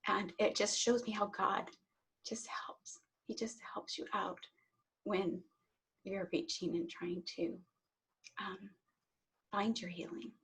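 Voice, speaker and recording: A middle-aged woman with a husky, breathy voice pitched in the normal middle range. She speaks earnestly and with feeling, sharing her personal story as an interview guest. She often repeats words as she starts a sentence. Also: steady tone, slow pace, long pauses, fairly bright tone, in a whisper, rough recording. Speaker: interview guest, Reiki teacher.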